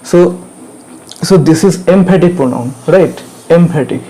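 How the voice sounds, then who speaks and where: Man teaching grammar, dark mellow voice. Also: fairly high pitch, unhurried, breathy edge, poor audio. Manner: repetitive, drills points again and again with checking questions. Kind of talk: classroom grammar lesson.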